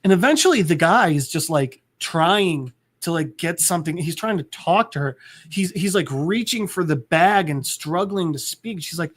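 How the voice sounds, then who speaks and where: Animated man retelling a comic. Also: fairly high pitch, normal speed. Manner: animated retelling, acting out characters' lines. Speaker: podcast co-host. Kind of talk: casual chat recapping a comic.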